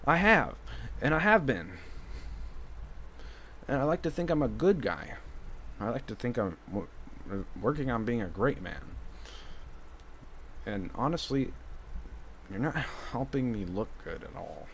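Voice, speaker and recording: A man's voice: medium pitch, very animated, unhurried, pauses often, a bit bright, a little hiss or hum. A young man in an emotional monologue to his mother, confrontational and rambling, with many fillers.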